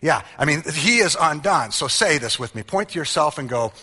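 A male pastor with a bright, fairly high voice delivers an animated sermon. He reads scripture in a hushed tone, then rises to loud, playful calls to the crowd. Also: moderate pace, breathy edge, long reverb tail.

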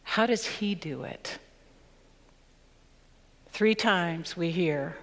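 A woman pastor reading scripture and preaching a sermon in a measured, earnest way, slowing down for emphasis. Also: on the low side, long reverb tail.

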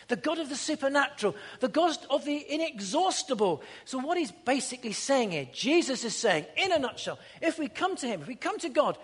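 A man preaching a sermon, swinging between loud ringing peaks and hushed low passages. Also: husky, big-room sound. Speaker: pastor. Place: church.

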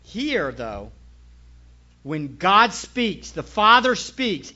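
A man preaching a sermon as pastor, emphatic, moving from hushed asides to shouted points. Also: high voice, sing-song, extremely slow, dull audio.

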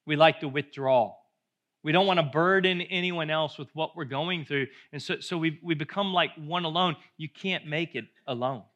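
Bright-voiced male pastor preaching a sermon. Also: on the high side, lo-fi sound. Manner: builds from hushed, intimate passages to loud, slow, emphatic preaching.

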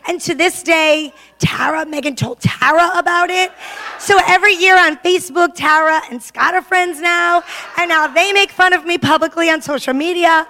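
Woman, high voice, lively self-mocking storyteller, reverberant hall. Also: moderate pace. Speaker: testimony speaker. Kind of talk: storytelling testimony.

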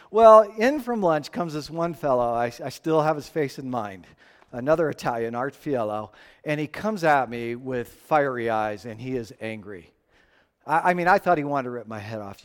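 A man preaching a sermon, telling a personal story with animated rises and drops and frequent restarts. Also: mid-range voice, normal speed, in a large hall. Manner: animated storytelling, rising and falling, repeated restarts. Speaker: pastor.

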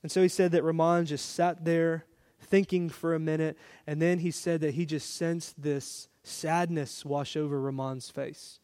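A pastor telling a story in a conversational sermon, relaxed and personal, quoting the people in it. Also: male voice, on the high side, a little slow, clear, resonant tone. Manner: conversational, warm storytelling with quoted dialogue.

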